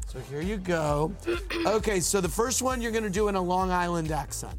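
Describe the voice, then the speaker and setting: A man hosting a late-night talk show, briskly reading viewer questions and running a game. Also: sits high, lively intonation, soft background music.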